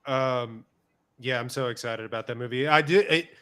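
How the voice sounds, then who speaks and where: Bright-voiced rambling podcast guy. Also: medium pitch, moderate pace, clear, resonant tone. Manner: rambling, searching for words. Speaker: podcast co-host. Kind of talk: casual chat.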